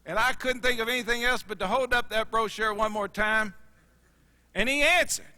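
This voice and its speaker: A man leads a sales presentation through stories. His voice is bright and forceful and sits slightly high for a man. He acts out the dialogue and drops soft and quiet when the story turns emotional. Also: moderate pace, big-room sound. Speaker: sales trainer.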